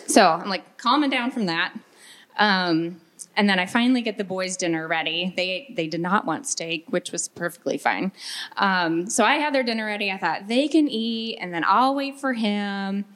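A woman in her thirties telling an audience a candid, animated story from her own family life. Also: fairly low pitch. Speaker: workshop speaker.

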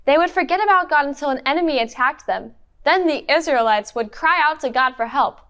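A woman narrating a Bible story for children in a clear, encouraging teacher tone. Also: high voice, expressive, a little fast, fairly bright tone. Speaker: children's Bible lesson leader. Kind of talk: interactive Bible storytelling for kids.

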